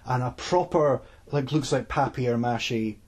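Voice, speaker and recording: Uomo con scozzese, voce rauca, chiacchierata da podcast al telefono, racconto animato e sboccato. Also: male voice, medium pitch, a little slow, husky. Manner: animated storytelling, sweary, many restarts. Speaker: podcast co-host. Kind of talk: casual chat. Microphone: phone line.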